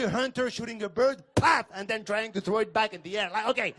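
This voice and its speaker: A man with a French accent performing stand-up comedy in a comedy club, with an animated, punchy delivery. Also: high voice, fast. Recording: noisy club recording.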